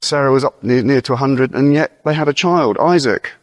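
A man preaching an earnest, encouraging sermon, reading scripture slowly and breaking off for informal asides and questions to his listeners. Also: mid-range voice, dry recording, studio quality. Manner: reads verses aloud slowly and deliberately.

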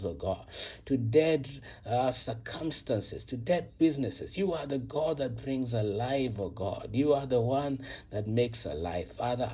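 A man's voice: mid-range voice, warm tone, husky. A man giving an earnest devotional reflection and then leading a repetitive prayer, sometimes dropping to a whisper. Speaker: prayer leader.

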